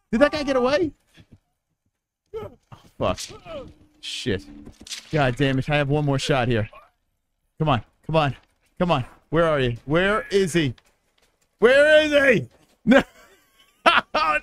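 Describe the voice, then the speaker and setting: A man streams a video game and talks his way through it with lots of profanity. His voice sits a little high and leaps all over the place as he yelps and groans. He takes his time between the outbursts. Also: slow pace, pauses often. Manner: excitable, swears often, yelps and laughs at the game. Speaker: livestreaming gamer. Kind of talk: live game commentary.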